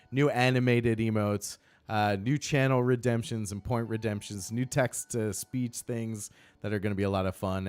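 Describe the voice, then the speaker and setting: A man's voice: fairly low pitch, darkish tone, clear, resonant tone, dry recording. Upbeat chatty male game streamer. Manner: upbeat, chatty, greets viewers by name. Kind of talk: casual live-stream chat.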